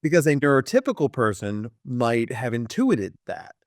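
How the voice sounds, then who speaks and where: A man, a clinical psychologist, talking in a podcast interview and acting out quoted people with big jumps in pitch. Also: big pitch swings, moderate pace, dry recording, clean studio sound.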